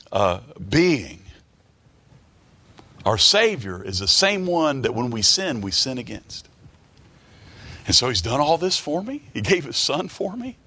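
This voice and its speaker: A man's voice: fairly high pitch, bright, forceful tone, breathy edge. A man preaching a sermon, reading scripture aloud and explaining it earnestly, often repeating words as he searches for the next phrase.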